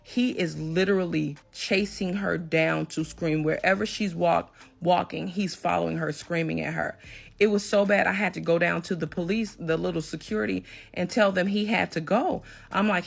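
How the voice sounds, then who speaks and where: A woman telling a personal story in an emphatic, animated storytime manner. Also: on the low side, normal speed, gravelly, breathy edge. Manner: emphatic, animated when retelling a confrontation. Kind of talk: storytime recounting a personal drama.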